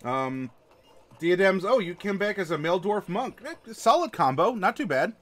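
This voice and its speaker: A man's voice: high voice, big pitch swings, moderate pace, a bit bright. A man hosting a casual read-along review of a rulebook, rambling with plenty of fillers and a sarcastic edge. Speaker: host reviewing a game rulebook.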